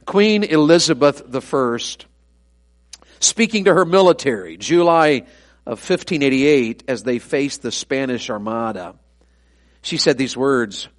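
A man's voice: mid-range voice, expressive, unhurried. A middle-aged man, an evangelist preaching a sermon full of folksy, self-deprecating family stories.

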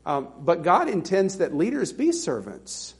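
A middle-aged pastor from Alabama preaches in a loose, conversational way and pokes fun at himself. His voice sits fairly high for a man. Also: wildly swooping pitch, measured pace. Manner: conversational, self-deprecating, with laughing asides. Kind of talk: sermon.

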